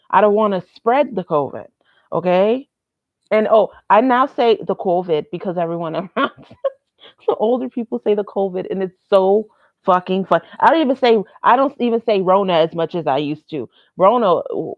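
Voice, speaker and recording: A woman's voice: on the low side, dry recording, narrow, tinny audio. A young woman vlogging casually, rambling and candid, swearing freely. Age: young adult. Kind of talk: casual vlog monologue.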